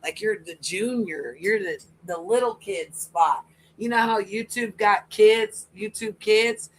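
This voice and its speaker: A woman's voice: mid-range voice, unhurried, slight background noise, poor audio. Profane taunting woman livestreamer. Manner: taunting, profane, sarcastic, mocking; talks to a rival by name. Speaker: livestream commentator. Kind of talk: confrontational livestream commentary.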